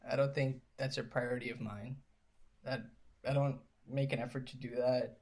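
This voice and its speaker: A young man co-hosting a podcast, talking in a calm, measured way. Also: medium pitch. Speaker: podcast co-host. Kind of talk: casual chat.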